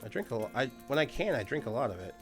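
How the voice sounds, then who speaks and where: A man talks through a live game stream with a desk mic, his pitch bouncing up and down as he goes. He swears casually and snaps orders at his on-screen characters. Soft game music plays underneath. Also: sing-song, very fast. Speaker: streamer playing a colony sim game.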